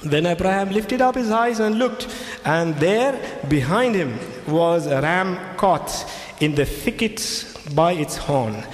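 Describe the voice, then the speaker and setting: A man's voice: high-pitched, lively intonation, slow. A man giving a lecture as a Christian speaker, retelling scripture, repeating his key phrases and speaking English with non-native phrasing. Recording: echoey hall with faint ambience.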